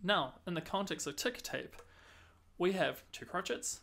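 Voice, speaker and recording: A man's voice: sits high, normal speed, creaky, pushed and bright. A man giving a music lesson as a saxophone teacher, explaining patiently and counting and singing rhythms aloud.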